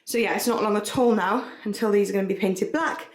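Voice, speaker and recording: A woman's voice: mid-range voice, fairly quick. A young pregnant woman chatting casually to camera as she walks round her house, bubbly and giggly, now and then short of breath. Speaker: vlogger. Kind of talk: casual vlog chat. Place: home, walking between rooms. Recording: echoey house rooms.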